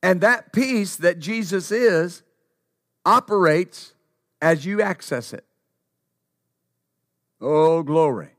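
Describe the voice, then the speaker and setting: This male preacher's voice is notably high, animated and a bit bright as he moves slowly and deliberately through his sermon. Emphatic, he repeats short phrases for stress. No room echo is heard in the dry audio.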